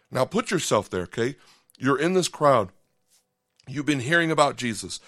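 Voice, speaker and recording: A male pastor delivers a podcast sermon in a relaxed, conversational manner. He breaks into brief acted-out lines and keeps checking in with his listeners. His voice sits in a middle register and is recorded dry and close to the mic. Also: medium pitch, no room sound. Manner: conversational, dramatizing with quick voiced asides, frequent "okay?".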